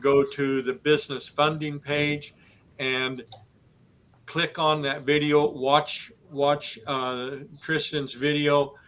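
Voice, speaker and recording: Steady, flat-voiced man hosting a podcast. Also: mid-range voice, smooth, low-quality recording. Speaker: host. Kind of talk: business podcast host.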